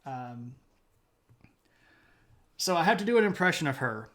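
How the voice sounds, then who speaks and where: Guy rambling on his live stream, kinda high voice, lots of ums and laughs. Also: lively intonation, a little slow, fairly bright tone. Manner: chatty, frequent fillers, laughs often; high sing-song voice talking to his puppy. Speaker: livestream history show host. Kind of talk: casual livestream chat.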